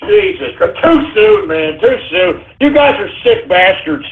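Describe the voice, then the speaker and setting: A hot-tempered male radio host with a high, husky voice rants and swears as he reads through listener shout-outs. His outbursts break into shouting. The sound is thin and tinny, like a phone line. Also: sing-song, measured pace. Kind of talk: live internet radio talk, reading shout-outs.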